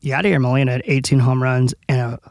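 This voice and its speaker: A man's voice: medium pitch, steady tone, fairly quick, darkish tone, no room sound, studio quality. A man co-hosting a casual sports talk show, reading sponsor spots with upbeat enthusiasm. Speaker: co-host.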